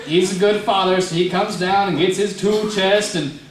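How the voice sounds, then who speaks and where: Speaking at a moderate pace with fairly even intonation, a young man with a high-pitched voice gives a rambling speech that mocks himself, addressed to a youth group in a large room. He's a motivational youth speaker who also answers audience questions; the audio is echoey, distantly miked, and carries crowd noise.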